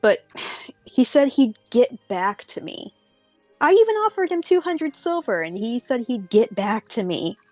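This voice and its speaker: A woman's voice: fairly high pitch, sing-song, unhurried, no echo, faint music behind, voice pushed up, poor audio. A woman voicing a clueless young man who whines and gets defensive, in a tabletop game. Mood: whiny.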